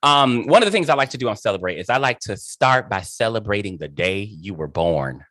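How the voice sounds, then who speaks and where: A man's voice: fairly low pitch, lively intonation, a little fast, a bit bright, no room sound. Host, male, effusive and emphatic, close dry sound. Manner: gushing, emphatic, dotted with "child" and "honey". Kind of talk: effusive interview chat.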